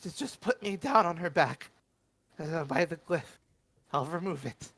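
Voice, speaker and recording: A man's voice: a little high, expressive, unhurried, a bit bright, breathy edge, pitched above the performer's own voice, exaggerated voice. A man voicing a small, panicked captive man who shrieks and pleads in a tabletop game. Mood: pleading.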